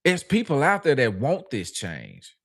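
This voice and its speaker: A man co-hosting a casual talk show, laying out his points in a measured, reasoning way. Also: mid-range voice. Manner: measured, reasoning, lively intonation. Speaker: podcast co-host. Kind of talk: casual discussion.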